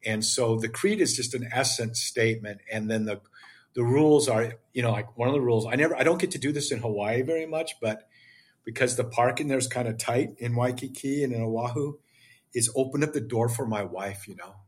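A man's voice: mid-range voice, fairly quick, slightly rough. An older man as a podcast guest, speaking with passion in an emphatic, preachy way. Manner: emphatic, preachy, acts out dialogue. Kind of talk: impassioned interview talk.

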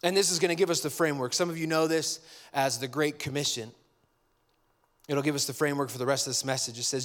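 A male pastor delivers a sermon in a lively, conversational style, acting out small dialogues as he goes. His voice is fairly high and his pace quick.

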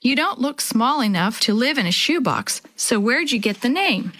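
A woman's voice: fairly high pitch, big pitch swings, moderate pace, a bit bright, dry recording, clean studio sound. A woman voicing a friendly, folksy male river guide with a country way of talking.

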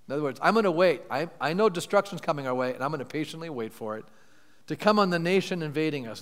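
A male pastor preaching a sermon, asking his congregation questions and retelling scripture in lively paraphrase. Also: on the high side, a little fast. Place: church sanctuary. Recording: church hall with long reverb.

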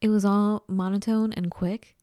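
A woman's voice: mid-range voice, flat delivery, moderate pace, dark tone, no echo, clean studio sound. A woman from Los Angeles with a Los Angeles accent, telling stories in a rambling, casual chat full of likes and restarts. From Los Angeles, California. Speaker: podcast co-host.

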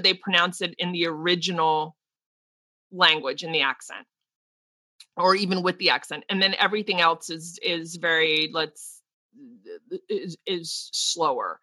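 A woman co-hosts a podcast in a dry recording, her fairly low voice bright and forceful. Speaking as a teacher, she talks frankly and at length in casual discussion, often restarting her sentences.

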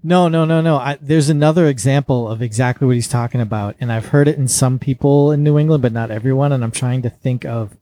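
Mellow-voiced teasing man. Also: medium pitch, steady tone, fast, hardly any pauses, dry recording. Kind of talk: casual chat.

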